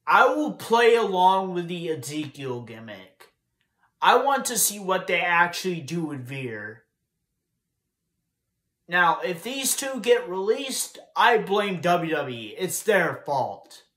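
A man's voice: high voice, big pitch swings, slow pace, a bit bright. A young man giving a casual, profane, frustrated rant while recapping wrestling news. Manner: frustrated, profane, repetitive ranting. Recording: echoey room.

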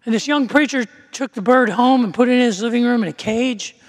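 High-voiced pastor in a reverberant church. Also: male voice, fairly quick. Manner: conversational, storytelling, frequent restarts. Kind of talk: sermon with a joke story. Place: church sanctuary.

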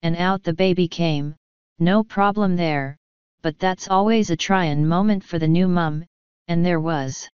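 A woman's voice: on the low side, a little slow, darkish tone, clear, resonant tone, dry recording, lo-fi sound, close to an everyday voice. A woman voicing a chatty elderly midwife with folksy, g-dropping speech. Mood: reminiscing.

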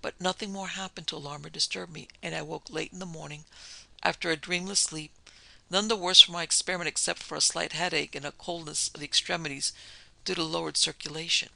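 A man voicing a nervous, frightened male author who speaks in jerky sentences with a lowered voice. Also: steady tone, brisk, gravelly, sharp tone, no echo, heavily acted, low-quality recording. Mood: uneasy.

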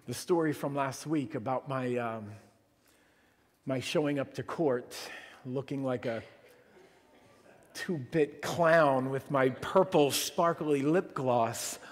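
A man preaching a sermon as pastor, telling a story in an animated way and acting out the quotes. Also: mid-range voice, slow. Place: church sanctuary. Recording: long church reverb.

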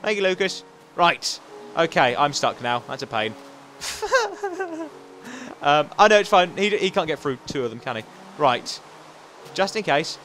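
A young man hosting a game playthrough, chatty and rambling, often restarting sentences and cheering on the game character. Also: high voice. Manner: chatty and rambling, with frequent self-corrections; excitable, coaxing the game character aloud. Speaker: gaming channel host. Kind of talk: let's play commentary.

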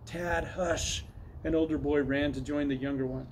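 A man reading a children's chapter book aloud as narrator, in a steady, clear way. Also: medium pitch, fast talker, slight background noise, low-quality recording. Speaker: reader. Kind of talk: storybook read-aloud.

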